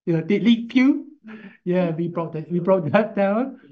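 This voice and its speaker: A man teaching a casual spoken lesson, slow and halting, repeating himself as he explains and chanting drawn-out syllables to show them. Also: high voice, lively intonation. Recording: dull lo-fi recording.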